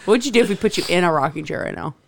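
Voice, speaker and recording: Fast-talking woman with a gravelly edge. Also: fairly low pitch, expressive, crowd noise. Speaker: podcast co-host. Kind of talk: casual chat.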